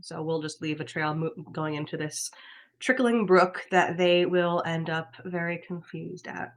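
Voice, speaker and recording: A woman describes her character's actions during a tabletop role-playing game. Her voice is a touch low, and she rambles through her plans, filling pauses with ums and likes. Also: steady tone. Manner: chatty, hesitant with fillers. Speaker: player. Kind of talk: casual tabletop role-play.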